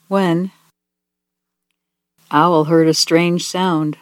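Here a children's picture book is read aloud by a soft-spoken narrator whose mid-range voice stays gentle and expressive. Key words get extra weight as the pace slows. There's no echo on the recording.

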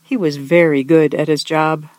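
A storyteller reading a children's picture book aloud, gently and expressively, slowing down on key words. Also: mid-range voice, dry recording. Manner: gentle, expressive, soft-spoken, slowing for emphasis.

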